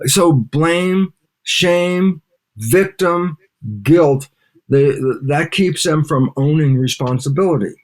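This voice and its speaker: An older man, a guest scientist in an interview, talking in an animated way and acting out little back-and-forth dialogues. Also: a little high, takes it slowly. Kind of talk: interview conversation.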